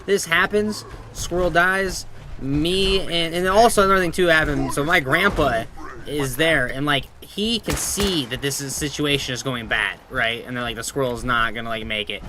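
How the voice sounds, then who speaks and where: A man's voice: on the high side, normal speed, background noise. A man streaming a game, chatting casually, telling rambling stories full of swearing and reading his chat aloud.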